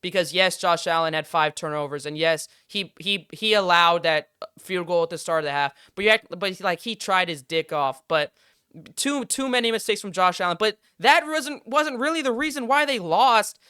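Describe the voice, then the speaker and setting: Heated young man ranting, crisp bright voice. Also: high-pitched, moderate pace, dry recording, studio quality. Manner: heated, profane, exasperated ranting. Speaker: sports podcast host. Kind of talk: casual sports rant.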